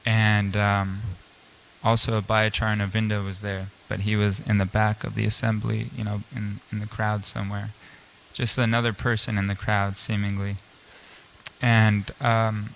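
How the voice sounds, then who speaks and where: A man's voice: fairly low pitch, level tone, normal speed, fairly bright tone, a little hiss or hum, poor audio. A man giving a storytelling scripture class at a temple, speaking casually with many fillers and restarts. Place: temple hall.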